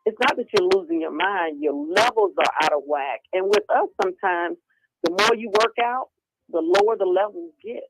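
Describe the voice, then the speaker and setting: A woman speaking over a remote call line, lively and expressive as she acts out other people's words. Her voice has a gravelly edge, and loud noise sits under the whole recording. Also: lowish voice, normal speed. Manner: animated, acting out quoted voices. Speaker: guest speaker on women's health. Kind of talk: casual conversational interview.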